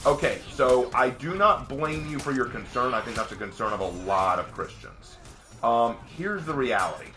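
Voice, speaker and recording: A man streaming live, casually answering viewer questions at length, sometimes ranting with rising excitement and sometimes explaining earnestly with restarts. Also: medium pitch, a little hiss or hum. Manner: rants with rising, excited emphasis.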